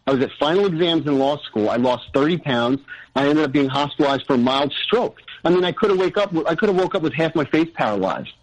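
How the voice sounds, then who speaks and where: A man's voice: fairly high pitch, animated, fast, low-quality recording. A man telling his own story in a casual, earnest way, rambling with many restarts and tangents. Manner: earnest, frequent "you know".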